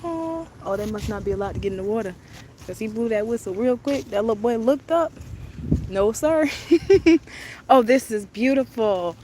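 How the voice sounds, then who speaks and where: A travel vlogger in her young adult years gushes and chats while live-streaming a walk around an outdoor park on her phone. She has a fairly high, animated voice at a normal speed, and wind and outdoor ambience fill the recording.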